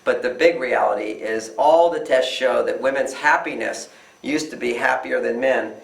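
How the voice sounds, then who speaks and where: A man's voice: mid-range voice, normal speed, vocal fry. An older man, a relationship author answering interview questions with emphatic delivery who often acts out quoted voices. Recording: echoey room, distant mic.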